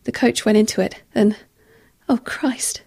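A woman's voice: on the high side, fairly even intonation, unhurried, gravelly, darkish tone, breathy edge, full character voice. A woman voicing a frantic, breathless young male crew trainee who stammers in shock. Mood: panicked.

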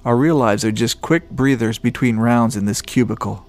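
A man's voice: mid-range voice, normal speed, darkish tone, close to an everyday voice. A man voicing a restless male office worker who complains at length. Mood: exasperated. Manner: complaining, talkative.

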